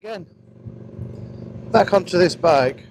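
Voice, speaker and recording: A man's voice: high-pitched, expressive, slow pace. A man in his thirties with a Northern English accent, chatting and swearing as he tells rambling stories while riding a motorcycle. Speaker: motovlogger. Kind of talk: casual chat while riding. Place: outdoors on a moving motorcycle. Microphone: helmet-mounted action camera mic. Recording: wind and engine noise.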